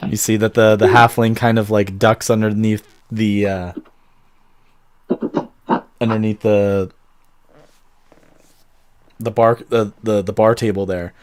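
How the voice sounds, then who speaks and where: A man narrating a tabletop game as game master, loose and animated, swearing freely. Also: lowish voice, takes it slowly, pauses often. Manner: animated, voices tavern folk, swears freely.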